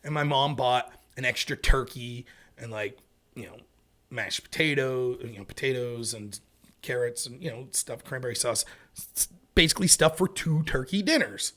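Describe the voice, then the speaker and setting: A man in his thirties hosts a casual commentary show, spinning rambling stories laced with swearing. His mid-range voice moves at normal speed with a sharp tone.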